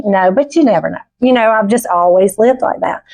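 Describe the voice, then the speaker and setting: A middle-aged woman on a conference stage, giving a personal testimony in a heartfelt, halting storytelling manner. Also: mid-range voice, fairly even intonation, darkish tone. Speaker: conference speaker. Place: conference stage before an audience.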